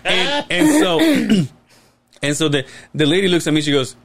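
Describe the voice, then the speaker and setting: A man's voice: fairly high pitch, big pitch swings, a little slow, vocal fry, background noise. A man in his late thirties hosting a podcast, telling a long, rambling story in casual chat and swearing freely. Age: late 30s. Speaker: podcast host.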